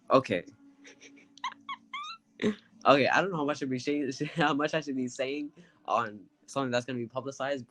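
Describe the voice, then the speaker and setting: A man's voice: mid-range voice, fairly bright tone. Young man chatting casually as a guest. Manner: rambling, laughs often. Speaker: podcast guest. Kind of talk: casual chat.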